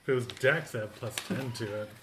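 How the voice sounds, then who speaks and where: A man's voice: mid-range voice, brisk. A man playing in a tabletop game, joking casually and laughing often. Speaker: player. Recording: roomy room, faint noise.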